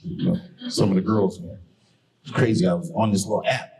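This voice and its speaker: A man performing a stand-up comedy set on stage, telling profane stories loudly and baiting the crowd. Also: low voice, fairly quick, rough recording. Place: comedy stage before a live audience. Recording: live crowd laughter and applause. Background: audience laughing and clapping.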